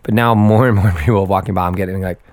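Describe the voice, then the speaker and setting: Hoarse young Canadian man, low voice, rambling chatty storyteller, dry close mic. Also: steady tone, fast, darkish tone, dry recording. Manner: rambling storyteller, laughs often. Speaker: podcast co-host. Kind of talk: casual chat.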